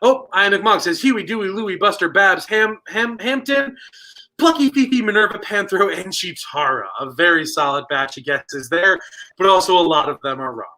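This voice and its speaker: Young male trivia host, high pitch, bright edge, goofy and quick with a joke. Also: lively intonation, low-quality recording. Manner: playful and jokey, rattling off viewer guesses. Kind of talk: livestream game hosting.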